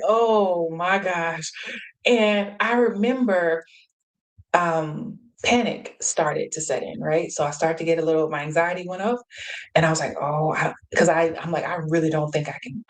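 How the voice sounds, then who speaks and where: Female host, casual motivational storyteller, lively, laughs a lot, acts out quotes. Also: on the low side, rough recording.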